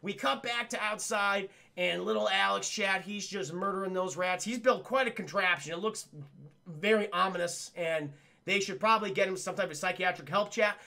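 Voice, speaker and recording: A man's voice: high voice, normal speed, creaky, bright, forceful tone. A man giving a rambling, crude scene-by-scene film recap live, constantly addressing his chat. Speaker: livestream film reviewer.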